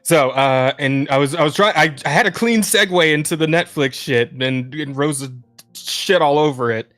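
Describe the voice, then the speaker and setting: A man's voice: a little high, moderate pace, a bit bright, soft background music. A young man co-hosting a podcast in casual chat, rambling with lots of restarts, swearing and laughing often. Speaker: podcast co-host.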